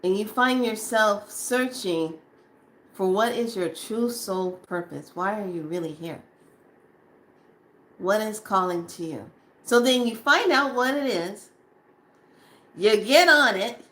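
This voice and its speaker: Speaking straight to viewers, a woman gives a casual spiritual monologue in a bright, clear, middle-pitched voice. She takes it slowly with long pauses, and animatedly slips into acted-out moments of her own past reactions.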